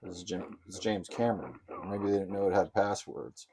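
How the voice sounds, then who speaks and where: Jokey low-voiced man playing retro games. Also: steady tone, moderate pace. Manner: jokey, sarcastic, loud outbursts at the game. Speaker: gamer. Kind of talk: casual gameplay commentary.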